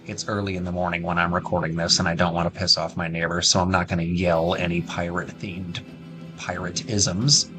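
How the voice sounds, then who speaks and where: A gaming streamer gives casual, chatty commentary on his own gameplay, talking directly to viewers with jokey asides while music plays behind him. His low voice moves little in pitch and runs a little fast, and the audio quality is poor.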